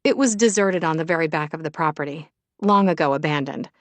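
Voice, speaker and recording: Brisk young café owner, as a woman narrator voices her. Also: deep voice, no echo, close to an everyday voice. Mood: explaining.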